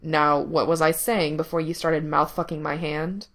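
A woman voicing a teasing, possessive young man in control, speaking low and murmuring close to the ear. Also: flat delivery, moderate pace, a bit bright. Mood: teasing, commanding.

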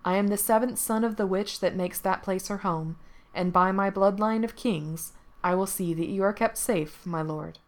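A woman's voice: medium pitch, normal speed, close to an everyday voice. A woman voicing a bold, fearless young wandering hero who speaks with proud spirit.

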